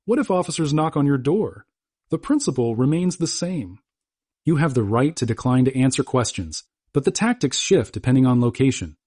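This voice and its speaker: A man narrates a scripted explainer in firm, clipped sentences. His voice is husky and his pitch moves a lot. The recording is dry and close, with no room sound. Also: lively intonation, normal speed, darkish tone, dry recording. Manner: firm, instructive, short punchy sentences.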